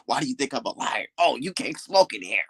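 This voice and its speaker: Cranky old guy nagging and whining, breathy and gravelly, a man mocking him. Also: medium pitch, big pitch swings, fairly quick. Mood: mocking whine. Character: grumpy old man scolding, whiny and fussy.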